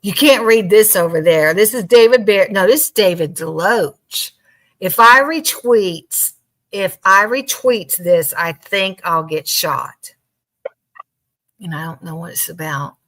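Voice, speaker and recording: A woman hosting a casual true-crime discussion, unhurried and thinking aloud as she talks. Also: mid-range voice, a bit bright. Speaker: podcast host.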